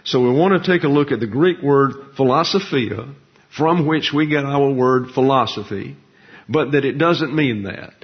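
A husky-voiced man gives a verse-by-verse Bible lesson from the pulpit, wandering into folksy asides. His voice sits at a middling pitch and comes through a dull, lo-fi recording. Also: moderate pace. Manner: digressive, folksy, explanatory, with frequent fillers. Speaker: pastor. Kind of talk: Bible teaching sermon.

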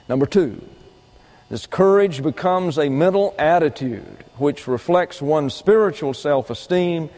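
Emphatic preacher in a reverberant hall. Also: male voice, fairly high pitch, darkish tone. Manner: emphatic, repetitive teaching with folksy trail imagery. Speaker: pastor. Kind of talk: doctrinal sermon.

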